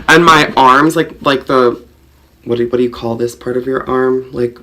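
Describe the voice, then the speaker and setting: A man's voice: medium pitch, moderate pace, pushed and bright. A man vlogger telling a personal story in a rambling, self-mocking way, full of fillers. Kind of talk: storytime vlog.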